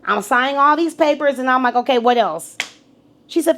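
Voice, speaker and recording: A middle-aged woman telling her story on a podcast in a casual, animated, profane way, acting out the voices of the people in it. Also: high voice, normal speed, a little hiss or hum. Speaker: guest.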